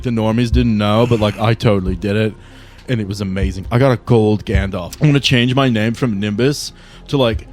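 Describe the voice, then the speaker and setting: A man voicing an excitable young vape-cloud bro who gushes and says "bro" constantly, in a tabletop role-play podcast. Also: fairly low pitch, natural voice. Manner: gushing, repeats "bro" and "like".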